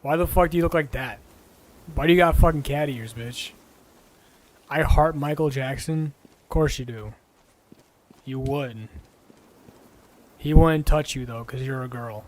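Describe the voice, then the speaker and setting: A man's voice: medium pitch, measured pace, pauses often. A young man streaming a game with friends, talking in a brash, profane, mocking way. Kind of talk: live game-stream commentary.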